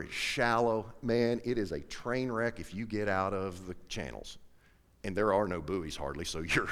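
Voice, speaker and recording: A man telling a folksy, animated story to a live audience, acting out both sides of the conversation. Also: on the low side. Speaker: professional angler speaking to an audience. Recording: echoey hall with long reverb.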